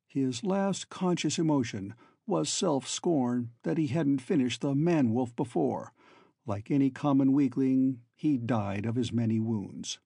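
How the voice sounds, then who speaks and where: A man narrating an audiobook in a measured, steady reading. His voice is gravelly and husky with a dark, mellow tone, and the sound is dry and close. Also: mid-range voice, no room sound. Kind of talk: scripted narration.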